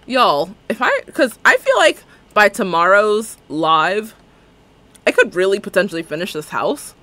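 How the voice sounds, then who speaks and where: A woman's voice: mid-range voice, very animated, unhurried, sharp tone, no echo. A woman streaming a game live, talking casually into a desk microphone. Her voice moves all over her range, rising and falling as she chats. She rambles and laughs easily. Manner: chatty, rambling, laughs often. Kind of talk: casual live-stream chat while playing.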